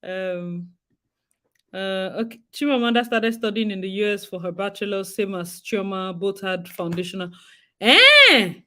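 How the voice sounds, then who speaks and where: A Nigerian woman co-hosting a talk show, chatting in a lively, dramatic way with frequent laughs and asides. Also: medium pitch, moderate pace. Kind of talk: casual chat.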